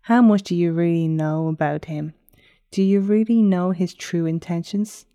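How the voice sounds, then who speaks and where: A woman reading a smug, calm enchantress. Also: lowish voice, normal speed, dry recording, lightly acted. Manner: calm, cryptic, mildly mocking. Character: calm, smug female enchantress, wolf shapeshifter.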